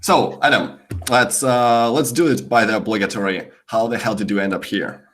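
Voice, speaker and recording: Brief: Russian-accented co-host, low voice, dry and offhand. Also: male voice, normal speed, fairly bright tone, slight background noise. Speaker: co-host, teacher.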